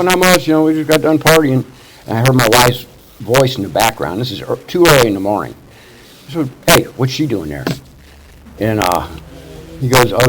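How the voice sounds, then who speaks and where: A man in his sixties from Missouri, telling his life story at a recovery meeting in a rambling, profane way, full of "you know" fillers. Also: medium pitch. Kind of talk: casual storytelling testimony. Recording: loud background noise.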